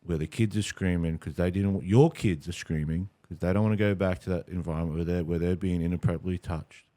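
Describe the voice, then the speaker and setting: A man's voice: sits low, fairly even intonation, fast, warm tone. A man hosting a podcast interview, earnest and sympathetic, restarting words when heated. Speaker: podcast host. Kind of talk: interview conversation.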